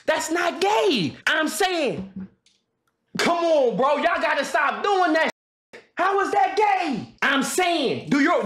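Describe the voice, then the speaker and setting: High-voiced young man ranting to chat. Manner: animated, slangy and joking, many restarts and impressions. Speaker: streamer. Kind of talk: casual rant to a live stream chat.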